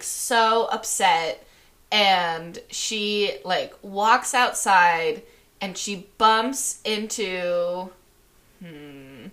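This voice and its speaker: A woman's voice: medium pitch, fairly bright tone. A woman co-hosting a podcast, rambling through an improvised story with lots of fillers. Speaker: podcast co-host. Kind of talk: casual chat, improvising a story.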